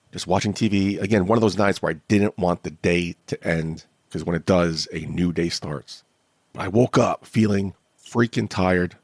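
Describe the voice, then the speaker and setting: A man's voice: low voice, dry recording, studio quality. A man hosting his own podcast, talking candidly and a bit ramblingly in a casual solo monologue. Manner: candid, rambling, self-deprecating. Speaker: podcast host.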